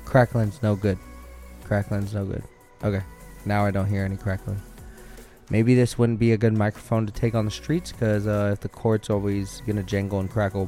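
Low, flat-voiced man talking close on mic. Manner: upbeat, grateful, rambling with fillers. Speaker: vlogger. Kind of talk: casual solo monologue. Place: indoors, small room with a fan nearby. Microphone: studio mic held very close to the mouth.

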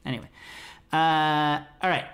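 A man's voice: a little high, steady tone, a little slow, a bit bright. A middle-aged American man hosting a podcast, chatting casually in a rambling, self-interrupting way. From United States. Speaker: podcast host.

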